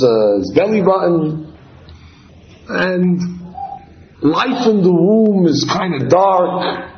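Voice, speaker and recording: A man's voice: high-pitched, a little hiss or hum. A man teaching a Torah class, telling a story and animatedly acting out its dialogue. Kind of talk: storytelling lecture. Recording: echoey, slightly dull recording.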